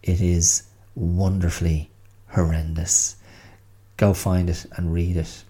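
Man, solo podcast host, wry and self-mocking, slow, dark mellow voice. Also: low-pitched, flat delivery.

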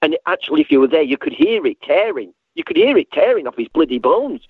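A man reminisces in a loose, rambling way, stumbling over restarts and slipping into lively impressions of the people in his story. His voice comes through thin and boxy, like a phone call, with no room sound around it. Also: fairly high pitch, fast talker, husky, no room sound. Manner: animated storyteller, acts out voices, frequent restarts. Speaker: guest recalling a late friend. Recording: tinny phone-line sound, dry.

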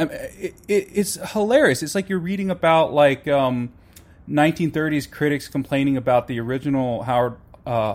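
A man in casual conversation, giving opinionated commentary on film and politics, with many restarts and fillers. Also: fairly high pitch.

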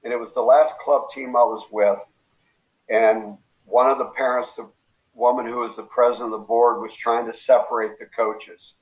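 A man speaking as a coaching guest in casual motivational talk. He tells his stories with animation and acts out quotes with big jumps in pitch. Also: flat delivery, normal speed, poor audio.

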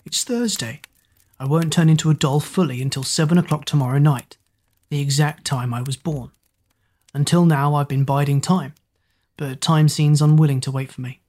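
A woman narrator voicing a calm, weary young man trapped in a doll's body, speaking softly and measured. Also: low-pitched.

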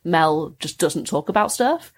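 A woman co-hosting a podcast, chatting in an animated, casual way. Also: low voice, measured pace. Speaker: podcast co-host. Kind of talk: casual chat.

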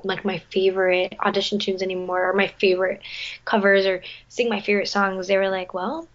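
A young woman talks casually, looping through fillers and restarts as she goes. Her pitch sits in the middle, and the recording sounds a little dull and lo-fi. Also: monotone, a little fast. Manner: chatty, lots of fillers and restarts. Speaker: guest, musical theater performer. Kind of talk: casual chat.

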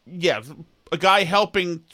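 A man's voice: high voice, takes it slowly, sharp tone. A man co-hosting a podcast in casual comedic chat, sarcastic and incredulous as he riffs. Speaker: podcast co-host.

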